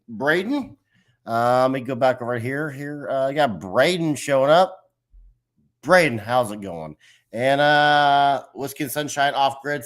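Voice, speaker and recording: A middle-aged man hosting a casual livestream, chatting in a rambling, friendly way and greeting viewers from the chat. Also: medium pitch. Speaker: host of a livestream. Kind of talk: casual live-stream chat.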